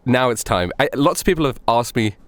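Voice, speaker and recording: A man's voice: medium pitch, animated, brisk, no room sound. A young man co-hosting a casual podcast chat, joking and rambling with many restarts. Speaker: podcast co-host.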